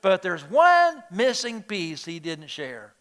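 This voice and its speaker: High-voiced animated male pastor preaching. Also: takes it slowly. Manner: animated storytelling, acting out quoted voices. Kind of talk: sermon.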